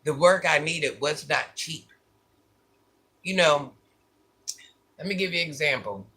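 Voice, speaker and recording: At a measured pace, a male vlogger tells his viewers a personal story in a candid, laid-back way. There's a husky grain to his slightly raised voice, which sounds bright and tight, and he restates phrases to underline what he means.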